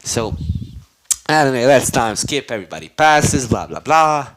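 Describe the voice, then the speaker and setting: A man's voice: medium pitch, very animated, normal speed, a bit bright, rough recording. A man casually retelling a fan-made story, rambling, cursing and full of slang and fillers.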